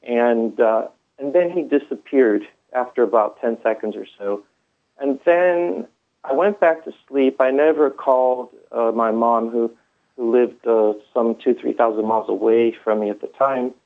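A man with a gravelly, rough edge tells his own story, rambling with many fillers and restarts. He is heard through a thin, tinny phone line. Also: mid-range voice, a little slow. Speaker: guest telling his story. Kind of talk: first-person storytelling.

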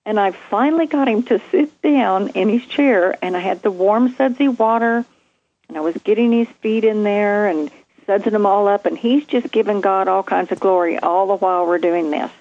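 A woman, a former nurse, telling a vivid story from her training in a lively conversation. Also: medium pitch, moderate pace, highs cut off. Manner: animated, vivid storytelling with acted quotes. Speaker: guest, nurse.

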